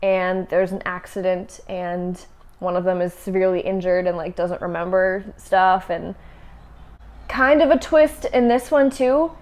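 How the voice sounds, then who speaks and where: A woman's voice: lowish voice, a little slow, a little mellow. A young woman casually chatting about books she has read, with many fillers and restarts. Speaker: book vlogger. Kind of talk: casual chat.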